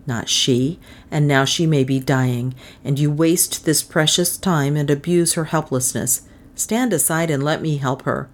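A woman reading a story voices a desperate, protective young gentleman, speaking in an urgent, pleading way. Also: low voice, a little slow.

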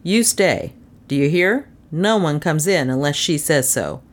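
A woman reading the lines of a calm man who gives firm, steady orders in an audiobook. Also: fairly high pitch, measured pace. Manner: steady, commanding.

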